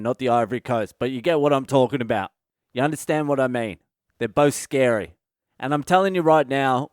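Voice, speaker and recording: A man's voice: mid-range voice, clean tone, no room sound, clean studio sound. Swearing man in a sardonic rant. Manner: profane, ranting, sardonic. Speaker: comedian podcast host. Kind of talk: solo comedic monologue.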